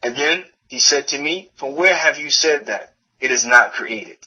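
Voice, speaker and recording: Male lecturer, husky tone, hesitant self-correcting delivery, muffled recording. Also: mid-range voice, lively intonation, sharp tone. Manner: halting, self-correcting, repeats phrases while translating. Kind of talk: religious lecture reading and translating a text.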